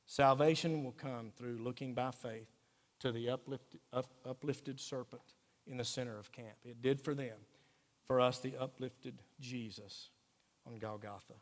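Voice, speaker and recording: A man pastor, preaching a sermon earnestly and emphatically, dropping quiet for key points. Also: medium pitch, fairly even intonation, moderate pace. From Texas. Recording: echoey hall reverb.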